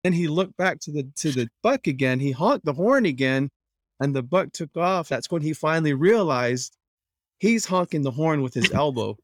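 A middle-aged man telling lively stories about his late father, acting out the voices he quotes. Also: on the high side, no room sound, clean studio sound. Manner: animated, quick to act out quoted voices. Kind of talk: personal storytelling.

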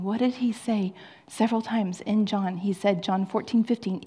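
A middle-aged woman pastor preaching a sermon, moving between hushed whispers and emphatic, raised passages. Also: mid-range voice, steady tone, moderate pace, breathy edge. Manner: drops to hushed whispers, rises to emphatic peaks.

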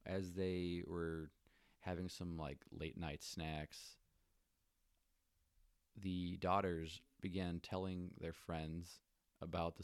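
A man's voice: sits low, no room sound. A man co-hosting a podcast in casual chat, laid-back and joking, with frequent "like" fillers. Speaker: podcast co-host.

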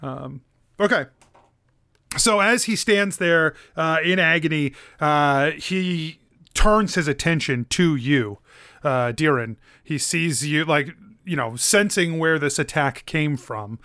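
Smooth dry-voiced man running a game. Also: on the high side, takes it slowly, dry recording. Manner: relaxed, filler-heavy narration. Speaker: game master. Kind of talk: narrating a tabletop game.

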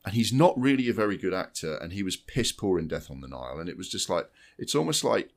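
A man's voice: deep voice, very animated, a little fast. A man co-hosting a podcast, chatting casually about films in a blunt, sweary way with many restarts. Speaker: podcast co-host. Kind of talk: casual film chat.

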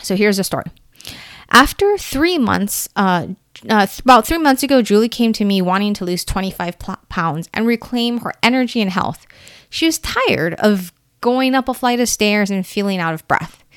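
A woman's voice: medium pitch, expressive, normal speed, clean tone, dry recording, clean studio sound. A woman hosting a solo podcast, talking in a chatty, rambling way with easy asides. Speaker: podcast host. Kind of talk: casual solo podcast talk.

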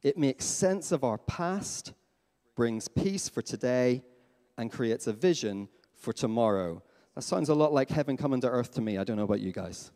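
A man preaching a sermon as pastor in a church, lively and questioning his congregation. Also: medium pitch, moderate pace. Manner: animated, asks the congregation questions. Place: church hall. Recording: long hall reverb.

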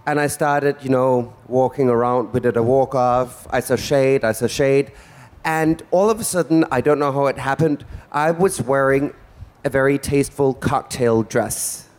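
Performing campy stand-up in drag as host of a comedy show, this man speaks at normal speed with a medium-pitched, darkish voice. He teases a live audience from the stage in a flamboyant, theatrical way.

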